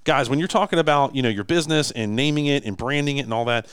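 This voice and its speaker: A man's voice: mid-range voice, fast talker, clean tone, no echo, clean studio sound. A man co-hosting a casual podcast, talking emphatically with many restarts. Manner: animated, emphatic, frequent restarts. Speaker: podcast co-host, business owner.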